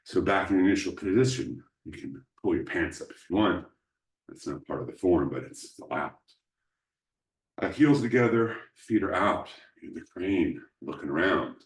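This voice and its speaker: Deep-voiced man teaching qigong, roomy. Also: moderate pace. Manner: calm instructive, dry humor asides. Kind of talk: demonstrating qigong postures. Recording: roomy sound, mic at a distance.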